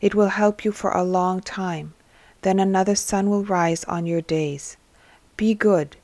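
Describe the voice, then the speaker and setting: A woman reading a gentle, calm healer. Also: sits high, dry recording. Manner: gentle, measured, firm. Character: calm, compassionate male teacher and healer.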